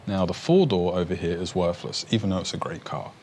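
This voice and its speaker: Deep-voiced man rambling excitedly about his projects. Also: brisk, a little hiss or hum. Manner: rambling, excitable, frequent restarts and swearing. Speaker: car enthusiast vlogger. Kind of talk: casual talk to camera.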